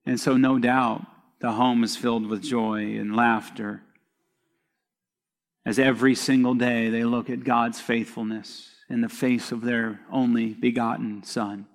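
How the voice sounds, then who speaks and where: A pastor preaching a sermon, reading scripture aloud and retelling the story with expressive storytelling. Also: male voice, mid-range voice, unhurried, in a large hall.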